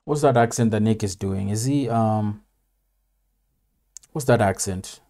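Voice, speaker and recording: A man's voice: lowish voice, measured pace, mellow. A man hosting a reaction video, talking in a laid-back, rambling way with plenty of fillers. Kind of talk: casual reaction commentary.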